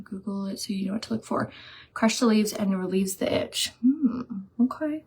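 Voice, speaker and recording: A woman's voice: fairly high pitch, moderate pace, gravelly. A woman chatting casually during a live makeup stream, reading viewer comments aloud and telling stories. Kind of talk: casual live chat while doing makeup.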